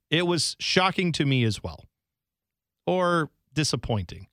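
A man's voice: a little high, unhurried, dry recording, clean studio sound. A man co-hosting a sports radio show, chatting casually and telling stories with little impressions. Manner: lively, animated storytelling with impressions. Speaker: radio co-host.

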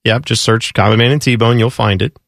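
A man's voice: medium pitch, fairly even intonation, a little fast, creaky, a bit bright, dry recording, clean studio sound. Male co-host, mid voice, agreeable chatty sidekick. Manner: agreeable, reacting and chiming in. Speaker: radio co-host. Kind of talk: conversational talk radio banter.

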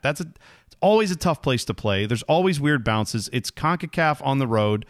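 A man co-hosting a sports podcast, chatting casually and getting animated when exasperated. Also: mid-range voice, normal speed, no echo, clean studio sound. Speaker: podcast co-host.

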